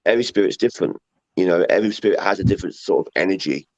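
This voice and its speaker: A man's voice: low-pitched, animated, very fast, no echo. A man with a London accent, a guest talking about paranormal investigating in a casual, rambling way full of fillers and repeats. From England. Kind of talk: casual chat. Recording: muffled lo-fi audio.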